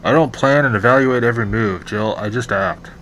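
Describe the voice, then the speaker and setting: A man's voice: medium pitch, brisk, a bit bright, a little hiss or hum, lightly acted. A man voicing a brash, carefree woman who runs a bar, talking in a breezy, upbeat way.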